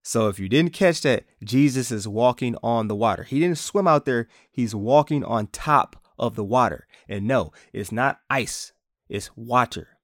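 A man's voice: medium pitch, measured pace, no room sound, studio quality. A man hosting a podcast, teaching from the Bible in a casual, conversational way and playfully acting out quotes.

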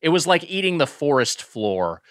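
A man talks through a fast food review in an animated, rambling way, stumbling over his words before landing on emphatic verdicts. His voice is bright and forward, recorded close and dry with no room sound. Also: on the high side, no room sound. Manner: rambling, restarts often, emphatic. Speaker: podcast co-host. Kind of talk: casual comedic food review chat.

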